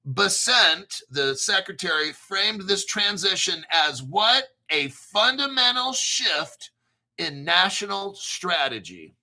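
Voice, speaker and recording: A man's voice: high-pitched, sing-song, slow pace, pushed and bright. An American man hosting a crypto livestream, reading the chat and articles in a hyped, brash, rambling way with some swearing. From United States. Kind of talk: excited livestream commentary.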